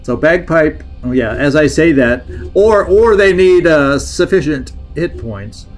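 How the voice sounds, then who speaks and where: Soft background music accompanies a man who streams a strategy game, his voice on the high side with lively intonation and a measured pace. Still, he sounds hesitant and musing as he plans every move aloud, talking himself through it.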